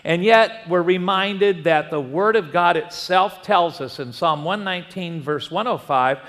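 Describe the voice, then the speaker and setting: A man's voice: sits high, a little slow, a bit bright, long reverb tail. A man preaching a sermon as pastor, conversational and telling personal stories.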